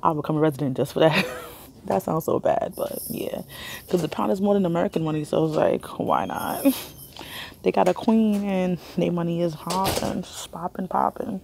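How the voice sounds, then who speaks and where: A woman's voice: fairly low pitch, normal speed, vocal fry, a little mellow, a little hiss or hum. A young woman chatting casually on a phone vlog in a hospital waiting area, rambling and laughing often. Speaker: vlogger. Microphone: phone camera held in hand.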